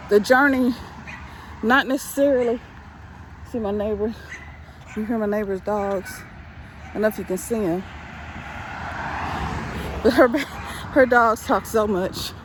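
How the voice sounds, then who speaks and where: A breathless middle-aged woman walks down a neighborhood street, filming herself on her phone and urging viewers on with repeated, preachy encouragement. Her voice sits a little high for a woman. Faint outdoor street noise runs behind her. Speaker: vlogger. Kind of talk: casual motivational vlog while walking.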